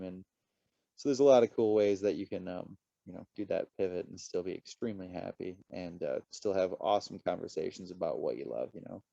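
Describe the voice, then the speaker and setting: A man as a podcast guest, a lively storyteller who swears casually in relaxed chat. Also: low voice, gravelly, dry recording, lo-fi sound.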